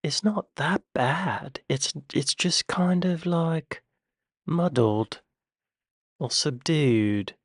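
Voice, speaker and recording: American dude reacting to clips, chatty and self-deprecating, dry close-mic sound. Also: male voice, a little high, very slow, no room sound. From United States. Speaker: YouTube reaction host. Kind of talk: casual reaction commentary.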